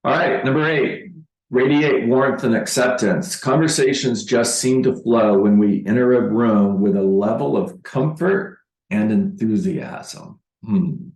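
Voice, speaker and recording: A man giving a motivational sales training talk as a real estate coach, deliberate and emphatic, repeating key phrases. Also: medium pitch, a little mellow, reverberant, poor audio.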